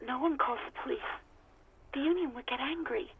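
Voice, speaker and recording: A worn-out young former hotel clerk, speaking bluntly and with plain exasperation. Her voice sits a little high and comes through dull, lo-fi game audio with a faint hiss behind it. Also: brisk, vocal fry. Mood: exasperated.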